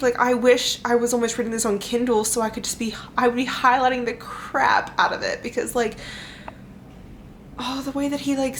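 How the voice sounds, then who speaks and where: A woman's voice: on the high side, slight background noise. Gushing young woman book vlogger. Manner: gushing, effusive, many fillers. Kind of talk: casual reading vlog chat.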